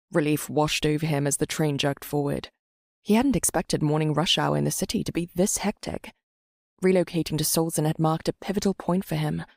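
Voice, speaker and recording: Low gravelly woman narrating an audiobook. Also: a little mellow, no room sound, studio quality.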